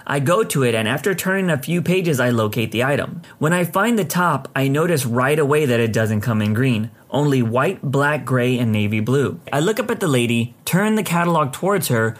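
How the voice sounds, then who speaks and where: A man narrating a first-person story in an even, measured scripted reading. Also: medium pitch.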